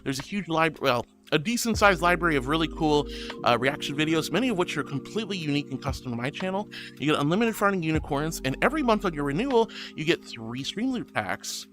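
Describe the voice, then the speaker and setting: A man's voice: on the high side, very animated, a little fast, a bit bright, soft background music. A man streaming live as a VTuber, reading out viewer messages and thanking them in a gushing, giggly way.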